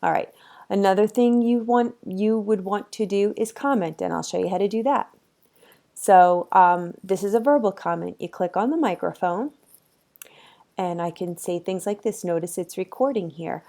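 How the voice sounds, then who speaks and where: A woman's voice: fairly low pitch, steady tone, moderate pace, warm tone. A woman instructor giving a casual, chatty screen-recorded tutorial for her course, talking easygoing with frequent ums, on a computer microphone.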